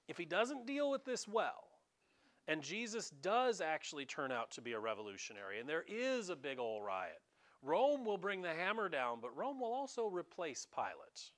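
A man preaching a conversational sermon as pastor, animated and dramatizing, talking straight to his congregation. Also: on the high side.

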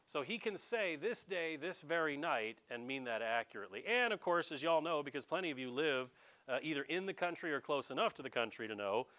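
A middle-aged man, preaching a folksy, joking sermon as pastor. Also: fairly high pitch. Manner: folksy, animated preaching with jokes and asides.

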